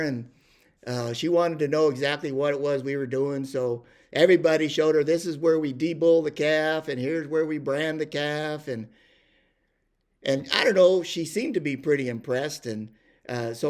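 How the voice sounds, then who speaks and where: Older guy spinning a ranch yarn, kinda high voice, folksy and rambling. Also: normal speed, a little mellow. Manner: folksy rambling with many fillers and restarts. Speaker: storyteller. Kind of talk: casual spoken storytelling.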